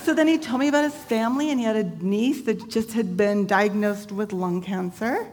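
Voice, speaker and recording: A woman's voice: mid-range voice, normal speed, a little mellow. A woman sharing a personal faith testimony, retelling events vividly and conversationally with casual fillers. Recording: long hall reverb, faint background noise.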